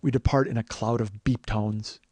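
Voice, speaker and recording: A man in his forties hosting a comedy podcast, telling a long story in a profane, rambling, animated way. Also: on the low side, moderate pace, husky, no echo. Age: 40s. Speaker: podcast host.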